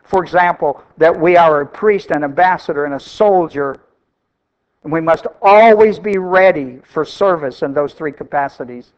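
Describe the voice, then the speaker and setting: A man with a high voice preaches, pressing each point and saying key lines twice. The recording sounds a little dull and lo-fi. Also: normal speed. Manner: emphatic, repeats phrases for stress. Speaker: pastor. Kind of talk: sermon.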